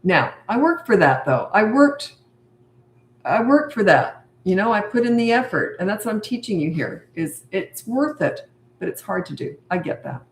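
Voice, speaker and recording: A woman's voice: mid-range voice, very animated, moderate pace, roomy sound. An older woman and parenting coach answering viewer comments on a live stream, chatty and emphatic, repeating her key points.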